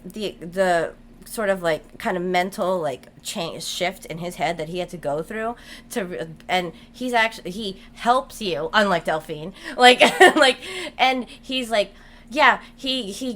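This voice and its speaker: A woman's voice: mid-range voice, a bit bright. A woman guest on a podcast, chatting casually and animatedly, giggling often, with lots of fillers. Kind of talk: casual chat.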